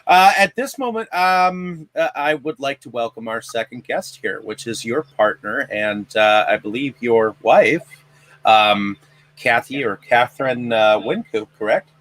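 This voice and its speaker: A man hosting an interview, asking questions haltingly with many fillers. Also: mid-range voice, expressive, a bit bright, no room sound. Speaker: interviewer host.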